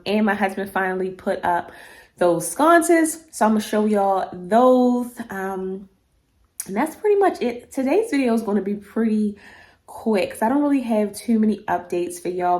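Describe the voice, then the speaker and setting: A woman's voice: mid-range voice, a little mellow. A middle-aged woman with a drawl talks casually to her viewers about home decor. She sounds a bit out of breath and chats along loosely, full of fillers and asides to her audience. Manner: chatty, lots of fillers and y'all. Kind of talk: casual chat to camera.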